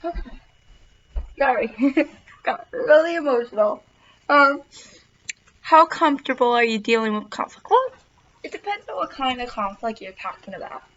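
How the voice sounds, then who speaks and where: A woman's voice: high-pitched, lively intonation, normal speed, long pauses, a bit bright. Earnest young woman, bit muffled. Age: young adult. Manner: earnest, repeats words for emphasis. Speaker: college student. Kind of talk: self-recorded class introduction.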